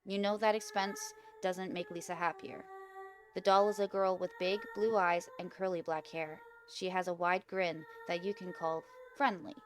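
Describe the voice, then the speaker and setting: A woman's voice: on the low side, little pitch movement, normal speed, faint music behind. A young woman hosting a gaming video, casually reading out an interactive horror story, giggling and stumbling over words.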